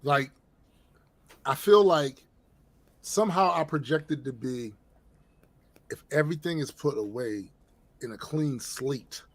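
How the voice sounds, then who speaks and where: A man's voice: mid-range voice, slow pace, long pauses, no echo. A man co-hosting a casual live chat show, joking and teasing with lots of swearing. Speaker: podcast co-host.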